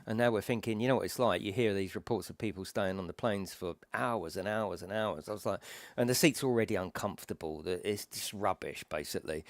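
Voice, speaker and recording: A man's voice: on the low side, brisk, no room sound. Male host, casual rambling anecdote, lots of swearing, dry close sound. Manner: swears freely, tells a story about frantic travel trouble. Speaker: gaming channel host. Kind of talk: casual storytelling to camera.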